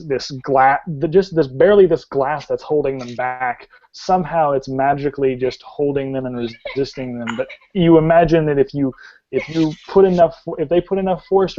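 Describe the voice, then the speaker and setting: A man narrating a tabletop game as game master, rambling and halting with many fillers. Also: medium pitch, a little mellow, dry recording. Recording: dull lo-fi sound.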